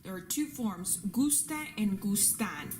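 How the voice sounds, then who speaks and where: A woman's voice: mid-range voice, expressive, takes it slowly, a little mellow, a little hiss or hum. A woman teaching a lesson, patiently repeating rules and examples and checking in with her students. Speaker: Spanish teacher. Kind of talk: classroom lesson with slides.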